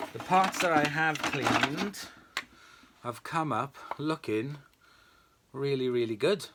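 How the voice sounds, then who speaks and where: A middle-aged British man talks through his repair work in a relaxed, rambling workshop vlog. His voice is bright and forward. He sounds friendly and chatty, as if talking to regular viewers. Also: mid-range voice, a little hiss or hum. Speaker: vacuum restoration channel host.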